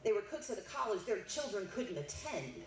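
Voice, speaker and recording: A woman's voice: mid-range voice, sing-song, a little fast, crowd noise. Woman giving a keynote in an echoey hall. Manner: storytelling, building to emphatic declarations. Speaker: keynote speaker. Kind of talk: banquet keynote speech. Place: banquet hall. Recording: echoey hall, mic heard from a distance, faint noise.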